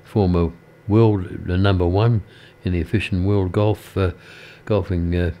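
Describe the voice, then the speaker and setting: An older man with an Australian accent chats on air from a small radio studio, drifting through a story with plenty of halting fillers and restarts. His voice sits somewhat low for a man, and the talk is easygoing and unscripted. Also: steady tone, mellow. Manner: rambling, halting with many fillers. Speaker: radio presenter. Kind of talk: casual radio chat between songs.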